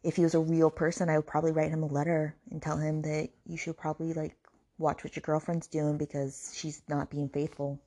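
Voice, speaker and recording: A woman's voice: low voice, flat delivery, brisk, dark tone. A woman hosting a book podcast, ranting sarcastically about a novel and swearing freely. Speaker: podcast host reviewing books.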